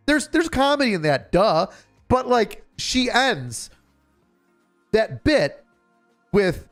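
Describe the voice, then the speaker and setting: A man's voice: high voice, expressive, normal speed, a bit bright, soft background music. A man streaming a reaction to a comedy special, ranting in a sarcastic, exasperated way with lots of fillers and swearing. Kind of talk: casual reaction commentary.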